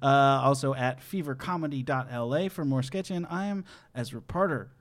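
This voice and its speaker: A man hosting a comedy podcast, soft-spoken and laughing in the chat, upbeat when he signs off. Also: mid-range voice, moderate pace. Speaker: podcast host. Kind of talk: casual podcast chat and outro.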